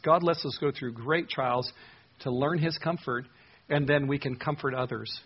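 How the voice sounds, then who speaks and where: A man pastor teaching an expository sermon in a conversational way, with frequent filler words and animated emphasis. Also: medium pitch, normal speed, husky, dull audio.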